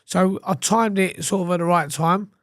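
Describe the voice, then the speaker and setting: A man's voice: high voice, moderate pace, no echo, clean studio sound. An English man, a podcast guest, telling his story casually with heavy swearing and acted-out quotes. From England. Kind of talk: candid storytelling interview.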